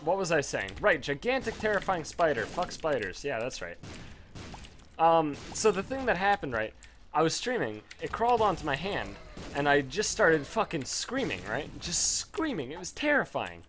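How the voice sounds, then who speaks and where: A man rambling through casual gameplay commentary, telling a story with lots of swearing and sudden excited jumps in pitch. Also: moderate pace, a little hiss or hum.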